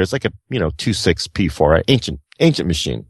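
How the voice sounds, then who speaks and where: A man co-hosting a podcast, telling his stories with a lively, swooping voice. He slips into impressions of the people in them and swears without holding back. The sound is dry and close, with no room echo. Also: mid-range voice, fairly quick, husky. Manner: animated storyteller, acts out quoted people, swears freely. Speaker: podcast co-host. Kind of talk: casual podcast banter.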